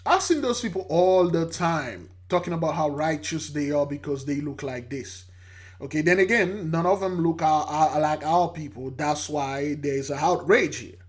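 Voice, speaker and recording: A man's voice: a little high, normal speed. A man hosting a religious channel, giving emphatic casual commentary on a news clip. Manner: animated, emphatic, acts out quoted voices.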